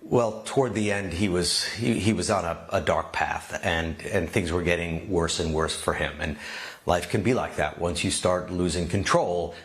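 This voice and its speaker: A man speaks as a foreign correspondent in a live interview, reflective and pausing to restart his thoughts. His voice sits very low.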